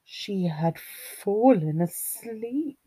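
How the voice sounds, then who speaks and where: Slow, sing-song woman storyteller. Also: mid-range voice, slightly rough. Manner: expressive, sing-song, talks to children. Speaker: children's storyteller. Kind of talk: reading a children's story aloud.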